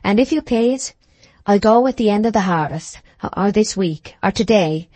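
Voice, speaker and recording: A woman's voice: medium pitch, expressive, moderate pace, darkish tone, dry recording, close to an everyday voice. A woman voicing a small, tearful young maid in an audiobook, speaking emphatically in old rustic phrasing. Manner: emphatic, dramatic rustic speech.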